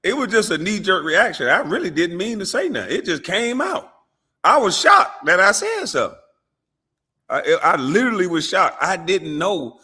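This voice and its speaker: A man hosting a show, talking in casual, animated and profane commentary. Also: high-pitched, normal speed, slightly rough. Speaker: show host.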